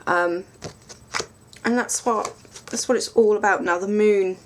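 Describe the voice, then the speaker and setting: A woman's voice: medium pitch, fairly even intonation, unhurried, slight background noise. A woman chatting casually through a tarot deck review, rambling and self-mocking with lots of ums.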